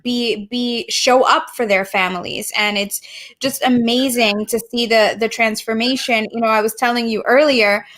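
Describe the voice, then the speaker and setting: A woman's voice: a little high, steady tone, moderate pace. A woman co-hosting a podcast, chatting in a heartfelt, gushing way and laughing easily. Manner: warm, gushing, laughs often. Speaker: podcast co-host. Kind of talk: casual heartfelt chat.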